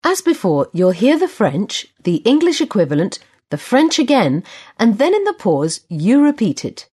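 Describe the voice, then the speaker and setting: A woman with a slightly husky voice leads a language lesson, patient and instructive. Her intonation rises and falls in a lively way. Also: medium pitch, normal speed. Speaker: course presenter. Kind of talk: scripted language-lesson narration.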